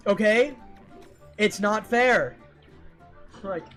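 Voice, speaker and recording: A man streaming and chatting casually with viewers, ranting in an animated, exasperated way and repeating himself for emphasis. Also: a little high, a little slow, faint music behind. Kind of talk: casual livestream chat with viewers.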